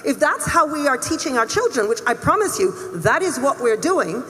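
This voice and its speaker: A woman's voice: high-pitched, sing-song, normal speed, fairly bright tone. A middle-aged woman, a head teacher, giving an emphatic, earnest speech to a summit audience in a conference hall. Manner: emphatic, earnest, with laughs and restarts. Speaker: head teacher speaking on a panel. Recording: long echo of a large hall.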